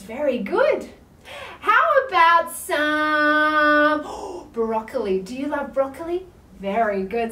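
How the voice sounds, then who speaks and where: A woman with an Australian accent leading an online yoga class for toddlers, talking in a playful sing-song way with big gasps of surprise. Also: high-pitched. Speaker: kids' yoga teacher. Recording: roomy, distant mic with faint ambience.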